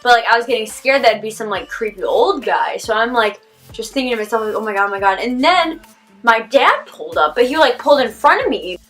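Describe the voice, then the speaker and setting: A teenage girl vlogger telling a story casually, rambling with lots of "like" and animated quoted reactions. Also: fairly high pitch, brisk, soft background music. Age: teens. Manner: animated, rambling, heavy use of "like".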